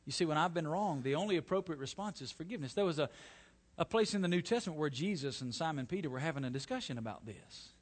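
High, animated preaching man. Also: fast. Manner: dramatic, swings from soft to loud emphasis. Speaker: pastor. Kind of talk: sermon.

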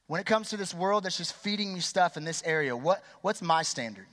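A young man in his twenties with a high voice gives a lively sermon to teenagers. He talks fast and loose and keeps asking the crowd to answer back. The sound rings on in a large church hall. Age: 20s. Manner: energetic, chatty, quizzes and polls the crowd. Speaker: youth pastor. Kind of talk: youth sermon. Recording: long hall reverb.

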